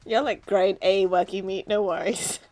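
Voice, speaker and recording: A woman's voice: mid-range voice, steady tone, unhurried, a little mellow, soft background music. A woman chatting casually on a live stream while she draws, laughing constantly between remarks.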